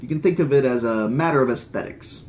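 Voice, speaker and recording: A man's voice: medium pitch, fast, darkish tone, a little hiss or hum, lightly acted. A man reading the lines of an earnest young male geneticist who explains and persuades.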